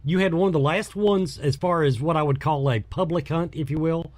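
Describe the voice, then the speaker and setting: A man hosting an interview, asking questions in a halting way with restarts. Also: a little high, a little mellow, dry recording. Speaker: show host.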